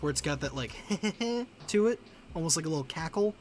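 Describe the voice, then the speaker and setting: A man's voice: fairly high pitch, lively intonation, moderate pace, faint music behind. A man chatting casually on a live stream, chatty and self-deprecating, breaking into laughs.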